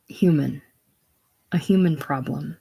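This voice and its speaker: A reader voicing an anxious, secretive middle-aged woman in a casual play reading, halting and breaking off mid-sentence. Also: mid-range voice, vocal fry, mellow, husky, heavily acted, rough recording. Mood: fretful.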